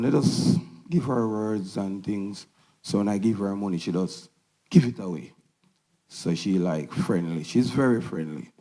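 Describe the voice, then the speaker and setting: A man giving an emotional parent testimonial at a symposium, halting with simple phrasing. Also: fairly low pitch, vocal fry, mellow, rough recording. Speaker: parent speaker. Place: symposium hall.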